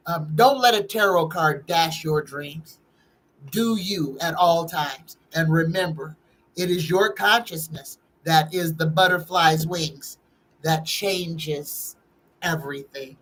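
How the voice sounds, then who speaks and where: Slow-talking woman reading tarot. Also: on the low side, poor audio. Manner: chatty, reads viewer questions aloud, greets chatters by name. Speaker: psychic tarot reader and host. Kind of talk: live-stream tarot reading, casual chat.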